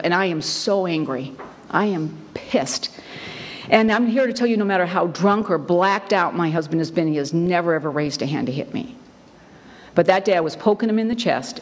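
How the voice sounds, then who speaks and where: A middle-aged woman telling her own story at a recovery meeting, candid and wry, with lots of fillers and emphatic repeats. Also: on the low side. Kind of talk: personal testimony talk. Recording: long hall reverb.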